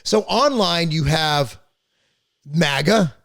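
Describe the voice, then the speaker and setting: A man with a gravelly, fairly high voice hosts a podcast in casual, opinionated talk. He rambles bluntly, repeats words as he restarts, and drops the odd swear. The recording is dry and close. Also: animated, slow pace, fairly bright tone, no room sound. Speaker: podcast host. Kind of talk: casual political chat.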